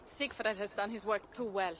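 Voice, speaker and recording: A woman's voice: medium pitch, steady tone, normal speed, slight background noise, close to an everyday voice. Actress playing a earnest Viking woman in a game. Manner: earnest, formal old-fashioned speech. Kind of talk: video game dialogue.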